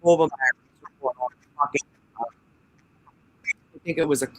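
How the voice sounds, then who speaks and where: A man's voice: a little high, steady tone, slow, fairly bright tone, dry recording, rough recording. A man, hosting his own channel, reading a police report aloud and breaking off for profane, sarcastic asides. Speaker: channel host.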